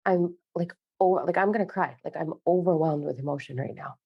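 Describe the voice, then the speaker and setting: Low gravelly woman channeler. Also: dry recording, highs cut off. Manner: slow, pausing delivery when channeling; frequent filler "like" in chat. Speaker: spiritual channeler. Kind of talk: channeled message and casual chat.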